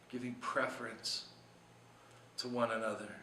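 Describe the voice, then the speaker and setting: A man's voice: mid-range voice, normal speed, pushed and bright, reverberant, far from the mic, slight background noise, poor audio. A man preaching a short devotional sermon in an earnest, conversational way, asking his listeners many questions. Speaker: pastor.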